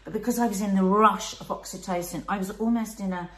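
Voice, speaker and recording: A woman's voice: mid-range voice, steady tone, quick pace. A woman, telling a personal story in casual conversation with passionate emphasis. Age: 40s. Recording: roomy echo.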